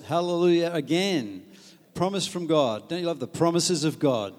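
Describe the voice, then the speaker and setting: A man preaching a lively, humorous sermon on marriage, acting out quoted asides. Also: on the high side, fairly quick, hardly any pauses, big-room sound. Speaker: pastor.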